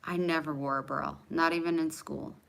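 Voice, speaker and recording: A woman in her forties with a slightly low voice, chatting live with her viewers. She is candid and self-mocking, teasing commenters by name and laughing easily between remarks. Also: steady tone, moderate pace, gravelly. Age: 40s. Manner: laughs often between lines. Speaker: livestream host. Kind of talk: casual live chat with viewers.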